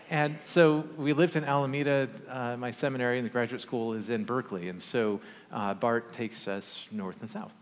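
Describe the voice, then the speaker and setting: A man preaching a sermon, telling a personal story in a conversational, animated way with humorous asides. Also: mid-range voice. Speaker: pastor. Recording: long church reverb.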